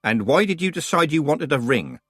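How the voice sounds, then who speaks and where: A man's voice: a little high, sing-song, moderate pace, a bit bright, breathy edge, pitched above the performer's own voice, full character voice. A man playing a terse, stern old witch.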